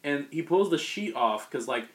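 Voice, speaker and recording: A man's voice: fairly high pitch, animated, moderate pace. A man on a podcast, casually retelling a comic book plot and acting out the characters' lines as he goes. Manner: rambling storyteller acting out characters. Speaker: podcast host recapping comics. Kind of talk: casual chat.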